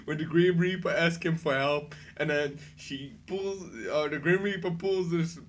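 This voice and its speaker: A man giving a casual spoken review, rambling and excitable, often laughing between his thoughts. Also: fairly high pitch, unhurried, slight background noise. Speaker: anime reviewer.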